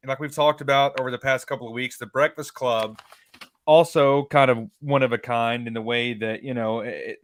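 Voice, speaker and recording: A man's voice: mid-range voice, a bit bright, dry recording. A laid-back man co-hosting a casual movie livestream, thinking aloud with easy swearing and plenty of fillers. His voice sounds dry and close, with no room around it. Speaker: podcast co-host.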